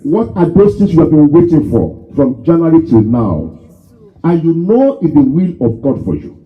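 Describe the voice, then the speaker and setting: Male preacher, high and lively voice, emphatic with shouted repeats; muffled lo-fi church recording. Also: moderate pace. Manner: emphatic, rising to shouts and repetition. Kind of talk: sermon. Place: church hall.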